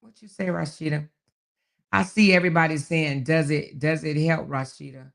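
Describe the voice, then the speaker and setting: A woman's voice: low voice, steady tone, moderate pace, creaky. A woman hosting a casual livestream, reading viewer comments and chatting in a folksy way, often laughing and calling her viewers baby, child and honey. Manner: laughs often while talking. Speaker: livestream host.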